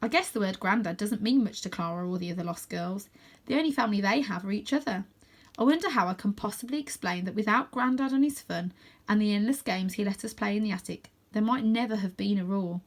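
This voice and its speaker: A woman reads a children's novel aloud, narrating in the first person at a calm, steady pace. Her voice sits at an ordinary middle pitch. The reading is even and unhurried. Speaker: storybook reader.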